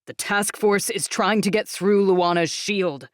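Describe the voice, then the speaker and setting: A woman's voice: medium pitch, unhurried, dry recording, studio quality, natural voice. A woman voicing an urgent young man. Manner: urgent, explaining.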